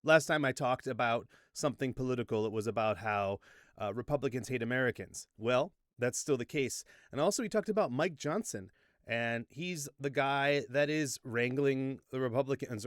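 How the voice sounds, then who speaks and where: A man's voice: medium pitch, expressive, moderate pace, no echo, studio quality. Goofy, rambling man hosting a political vlog. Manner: goofy, rambling, self-deprecating. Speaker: political commentary host. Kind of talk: casual political commentary vlog. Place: home studio with green screen.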